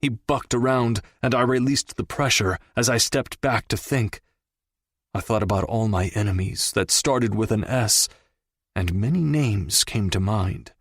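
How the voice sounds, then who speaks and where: Man reading a dark crime story, slow and dramatic, dry sound. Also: on the low side, breathy edge, no room sound. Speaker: audiobook narrator. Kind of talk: scripted first-person crime narration.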